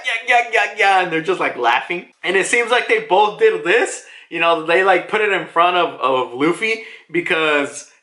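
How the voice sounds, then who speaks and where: Excitable high-voiced man reviewing comics. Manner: excitable, swears and laughs often. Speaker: manga reviewer. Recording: roomy echo.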